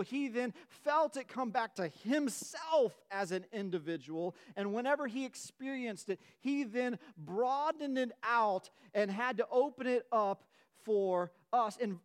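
A man's voice: very high-pitched, moderate pace, hardly any pauses. A man preaching a sermon in a church, emphatic, often repeating and restarting phrases as his fervor builds. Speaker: pastor. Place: church sanctuary.

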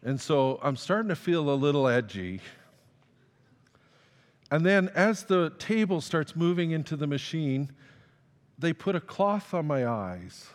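A man's voice: on the high side, sing-song, unhurried, long pauses. A man preaching a sermon, telling a personal story in a conversational, self-deprecating way and acting out the dialogue. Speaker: pastor. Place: church sanctuary. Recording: long reverb of a large hall.

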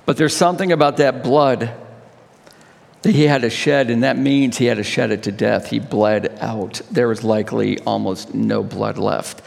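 A male pastor leading communion with an impassioned sermon, swelling to high cries and dropping to hushed tones. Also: fairly even intonation, normal speed, creaky, long reverb tail.

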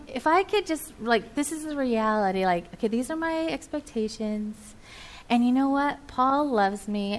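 A young woman speaking to a church group in a chatty, animated way, with many fillers. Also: a little high. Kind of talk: casual sermon talk to a group.

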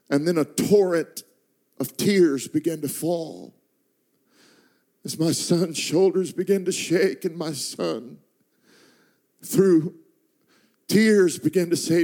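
A middle-aged man preaches, telling a personal story from the pulpit. His voice sits fairly high, often dropping to a slow hush before climbing with fervent force. He sounds like a pastor carrying a congregation through a moment of deep feeling. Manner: builds from hushed, slow narration to impassioned, high-pitched intensity. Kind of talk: sermon storytelling.

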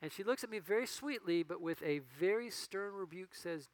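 A male pastor giving a conversational sermon that rises to emphatic peaks and drops to quiet storytelling. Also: high-pitched, lively intonation, normal speed, hardly any pauses, no room sound, low-quality recording.

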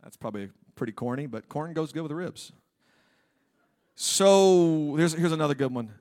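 A man's voice: on the high side, lively intonation, normal speed, darkish tone. A male pastor preaching a humorous sermon in a church, with playful joking asides to the congregation.

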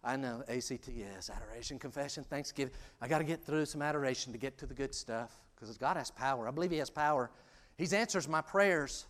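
A man preaching a sermon in a conversational, self-deprecating way, dropping to hushed asides and rising to loud, emphatic peaks. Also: mid-range voice, fairly quick. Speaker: pastor.

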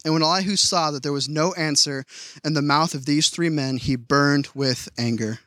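A man's voice: on the high side, a little fast, bright, forceful tone, no echo. A man preaching a sermon in a conversational way, often restarting his words. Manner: conversational, frequent stammered restarts. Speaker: pastor.

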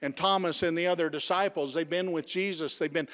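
A male pastor preaching a sermon, leading the congregation in call-and-response and dropping to soft, dramatic tones. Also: a little high, steady tone, a little fast. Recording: long reverb of a large hall.

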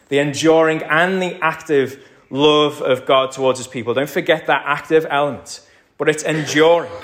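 Speaking at a moderate pace, a male pastor with a somewhat high, slightly bright voice delivers a sermon. He swings between emphatic crescendos and near-whispered passages.

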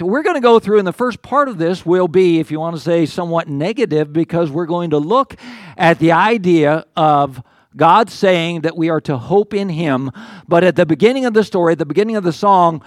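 An older man preaches in an earnest, conversational way, stumbling and restarting as he works through his points. His voice sits high for a man, and the sound is dry and close with almost no room around it. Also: expressive, normal speed, dry recording. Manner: conversational, earnest, with many restarts and acted quotes of the psalmist. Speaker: pastor. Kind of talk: sermon.

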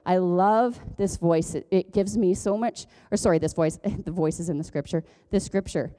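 A woman's voice: on the low side, moderate pace, dark tone. A woman pastor giving a conversational sermon, chatty and self-deprecating, joking as she goes. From Ontario, Canada. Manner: chatty, self-deprecating, jokes and laughs often.

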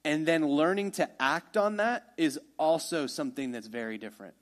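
A man's voice: fairly high pitch, moderate pace. Conversational male pastor preaching. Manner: conversational, animated storytelling with asides. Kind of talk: sermon.

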